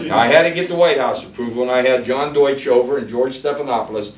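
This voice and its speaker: A man's voice: mid-range voice, brisk, distant mic. A man telling colorful, blunt political stories and acting out the quotes. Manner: colorful, blunt, acts out quotes with big swings in loudness. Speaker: former congressman telling stories. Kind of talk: animated storytelling speech. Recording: echoey room, speaker away from the mic.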